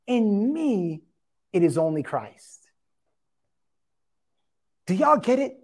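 A woman's voice: mid-range voice, big pitch swings, slow pace, a little mellow. A woman preaching a sermon, reading scripture aloud and explaining it, with frequent emphatic asides. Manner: emphatic, repeats "watch this".

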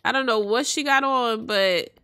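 Bright, chatty young woman gamer. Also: fairly high pitch, normal speed, smooth. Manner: chatty, laughing, slangy. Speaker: let's play host. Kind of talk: casual game commentary.

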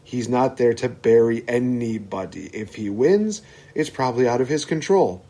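A man's voice: mid-range voice, lively intonation, normal speed, mellow. A man talking as a podcast guest, giving firm opinions in a casual chat. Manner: opinionated, dismissive of complainers.

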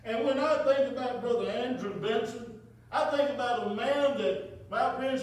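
A man preaching a funeral sermon as pastor, rising to emphatic calls and dropping to soft, quiet lines. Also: very high-pitched. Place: church sanctuary. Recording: echoey church from far off.

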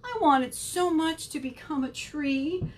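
A woman voicing a tiny, hopeful young male green pea in a picture book read-aloud, with a squeaky, earnest manner. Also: takes it slowly. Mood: sad.

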